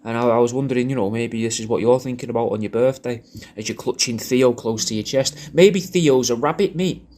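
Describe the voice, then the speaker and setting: A man's voice: medium pitch, brisk, a little mellow, a little hiss or hum. Rambling crude man. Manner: rambling, repeats himself, crude jokes, puts on silly voices in quotes. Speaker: comedian recording a personalised video message. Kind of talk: rambling crude comic birthday message.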